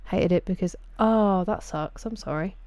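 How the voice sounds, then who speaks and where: Low, mellow Sussex woman streaming. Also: moderate pace, dry recording. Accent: Sussex English. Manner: chatty, greets viewers by name. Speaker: game streamer. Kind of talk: casual live-stream chat.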